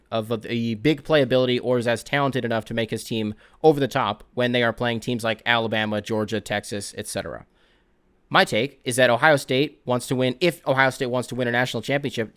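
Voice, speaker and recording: A young man hosting a sports podcast, rambling and excitable, swearing freely in casual chat. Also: medium pitch, a little fast. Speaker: podcast host.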